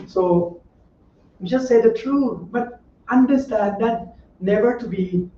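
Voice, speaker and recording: Middle-aged male monk, high mellow voice, gentle, plain-spoken dharma talk, distant and echoey. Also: a little slow, slight background noise. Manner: simple, repetitive phrasing with frequent rhetorical checks; gentle, conversational advice. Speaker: Buddhist monk teacher. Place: meditation center room. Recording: roomy echo, distant dull lo-fi mic.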